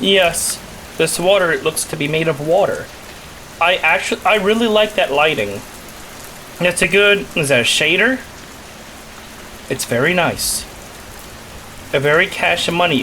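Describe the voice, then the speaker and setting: Young male let's-player, bright and fairly high, rambling and jokey. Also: slight background noise. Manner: joking, rambling, playful asides with laughs. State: recovering from a cough. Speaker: gaming channel host. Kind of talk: casual let's play commentary.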